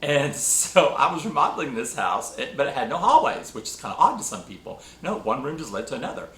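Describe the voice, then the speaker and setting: A man hosting a spiritual talk show, telling a personal story with emotional, animated delivery. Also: mid-range voice, a little fast. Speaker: podcast host. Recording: echoey room.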